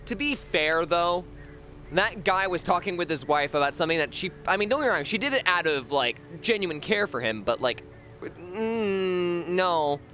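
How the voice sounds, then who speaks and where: A man's voice: high-pitched, lively intonation, moderate pace, pushed and bright, soft background music. A man streaming a horror game, rambling and joking with his chat, swearing freely and sometimes chanting words over and over. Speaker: livestreamer. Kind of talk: casual gameplay commentary.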